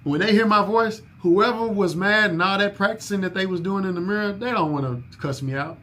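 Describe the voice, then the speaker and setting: A man's voice: sits high, fairly quick, a bit bright. A man leading a staff orientation in a coaching manner, repeating his key points and asking if people follow. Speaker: business owner training new staff.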